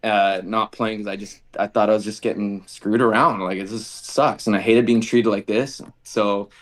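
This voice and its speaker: Lower-voiced man telling stories. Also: normal speed. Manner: animated storyteller acting out quoted dialogue. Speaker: podcast guest, former football kicker. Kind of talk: casual storytelling interview.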